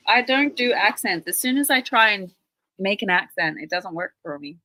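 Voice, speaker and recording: A woman's voice: mid-range voice, animated, normal speed, sharp tone, no echo, rough recording. A woman from Australia hosting a casual live stream, chatty and full of rambling anecdotes. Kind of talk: casual chat.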